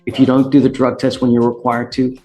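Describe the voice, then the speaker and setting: A man's voice: medium pitch, completely flat delivery, a little fast, warm tone. A man, a judge sternly warning defendants at a courtroom hearing.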